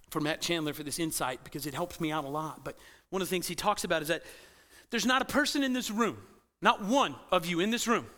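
A male pastor preaching a sermon in a church with a bright, cutting tone. His voice sits high for a man. He swings between loud emphatic bursts and hushed, intense passages. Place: church sanctuary.

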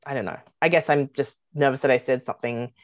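A woman talking as a podcast guest in a loose, rambling way, with many pauses and fillers. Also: extremely low pitch, dry recording. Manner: rambling, hesitant, many ums and likes. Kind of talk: casual podcast chat.

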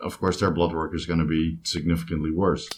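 Man, very deep voice, coach host, lots of mm-hmms, faint low rumble behind. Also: level tone. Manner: frequent short backchannels, quick questions. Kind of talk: casual podcast chat.

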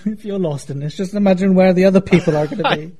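High-voiced grumbling male co-host. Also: fast, a crowd in the background. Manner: sarcastic, grumbling, dry asides. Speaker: podcast co-host. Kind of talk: casual chat. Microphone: remote call.

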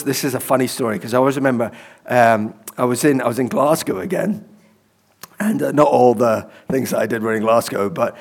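Chatty male preacher telling stories. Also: medium pitch. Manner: conversational, chuckling storyteller with many fillers. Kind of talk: sermon with personal stories.

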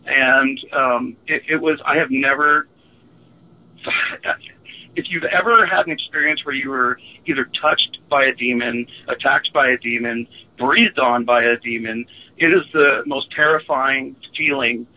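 A man's voice: medium pitch, fairly even intonation. Earnest man on a phone line. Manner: earnest, halting, with fillers. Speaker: guest. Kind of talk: telling a personal paranormal story.

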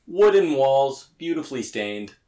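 A playful man co-hosting a casual podcast, laughing often, with a hoarse voice. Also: sing-song, unhurried, mellow. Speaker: podcast co-host. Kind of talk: casual chat. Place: bedroom. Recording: roomy low-quality recording.

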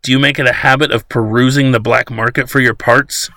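A man voicing a stern government agent captain with a gruff, monotone, almost robotic delivery. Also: medium pitch, a little fast, no echo. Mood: accusing. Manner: cold, robotic.

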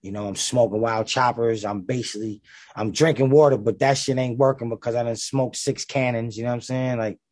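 A man with a gravelly voice, a rapper talking in a casual interview, laid-back and full of slang and fillers. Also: mid-range voice, steady tone, a little fast, darkish tone, no echo.

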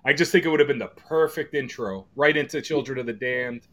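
A man's voice: medium pitch, fairly quick, a bit bright. A man co-hosting a casual podcast, talking emphatically about metal records and swearing freely. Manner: emphatic, swears, hums riffs. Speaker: podcast co-host.

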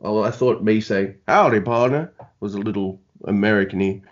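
A man's voice: fairly low pitch, little pitch movement, a little fast, darkish tone, muffled recording. A man hosting a podcast in casual, rambling, self-deprecating chat. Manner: rambling, self-deprecating, many fillers and restarts. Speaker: podcast host.

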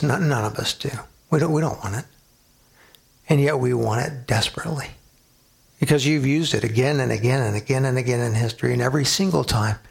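Gravelly, husky-voiced preaching man. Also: medium pitch. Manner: emphatic preaching with rhetorical questions. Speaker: pastor. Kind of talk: sermon.

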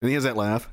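Loud, profane man ranting. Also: fairly high pitch, noisy background. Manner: loud, mocking, laughs often, shouts. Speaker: live-stream host. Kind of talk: profane comedic commentary.

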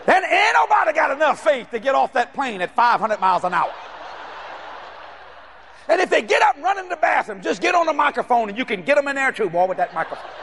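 Male preacher, high-pitched and expressive, for a playful, shouting sermon. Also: slight background noise. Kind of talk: sermon with storytelling.

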